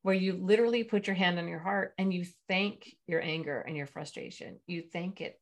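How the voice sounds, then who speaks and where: A woman's voice: lowish voice, steady tone, moderate pace, few pauses. A woman hosting a podcast interview, a parent coach herself, speaking in an affirming, reflective way.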